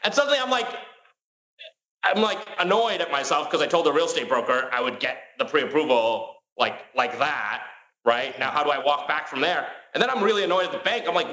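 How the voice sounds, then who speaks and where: A man telling his story as a guest in a casual interview. He talks in a rapid, filler-heavy way and acts out the dialogue he quotes. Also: on the high side, expressive, bright, forceful tone, roomy sound, low-quality recording.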